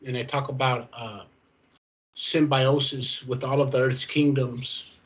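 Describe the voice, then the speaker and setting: A man's voice: medium pitch, flat delivery, unhurried, low-quality recording. A man speaking as a guest on a video call, hesitant and repeating words as he starts. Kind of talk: casual conversation.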